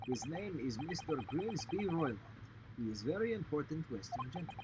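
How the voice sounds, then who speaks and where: A hostile, burly sailor guarding the first-class cabins, as a man puts him on, snapping short lines in a thick put-on Russian accent and broken English. His pitch swings lively as he barks, and a steady hiss of noise sits under the game-stream recording. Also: brisk. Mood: surly. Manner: broken English, blunt and surly. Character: gruff burly male ship's guard, hostile.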